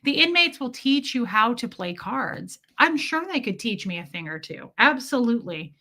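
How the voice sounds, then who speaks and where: A woman livestreamer chats casually with her viewers and calls out their names as she goes. Her voice has a bright, crisp edge, and her storytelling is blunt and salty. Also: a little high, very animated, moderate pace. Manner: blunt and profane, greets viewers by name. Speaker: livestream host.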